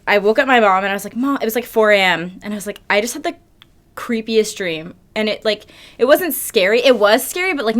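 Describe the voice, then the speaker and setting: A young woman tells a story straight to camera, rushing through it at a quick clip. Her voice sits at an ordinary pitch for a woman. She fills every pause with "like" and drops casual curses. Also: a bit bright. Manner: breathless, filler-heavy, peppered with "like" and swearing. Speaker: YouTube vlogger.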